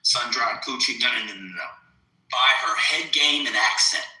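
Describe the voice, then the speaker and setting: A man arguing in a crude, casual live-stream debate, provocative and animated. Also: medium pitch, normal speed, reverberant, low-quality recording. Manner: animated, provocative, swings loud to soft.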